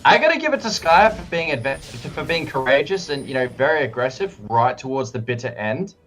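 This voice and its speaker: Animated chatty Australian co-caster with hiccups. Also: medium pitch, brisk, slight background noise. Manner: chatty, many "like" fillers, animated. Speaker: esports co-caster. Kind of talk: color commentary.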